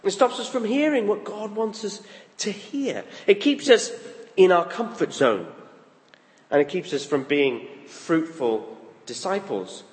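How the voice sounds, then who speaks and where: A man preaching a sermon in a lively, conversational way, acting out quoted thoughts as he goes. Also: high voice, unhurried. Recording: long reverb of a large hall.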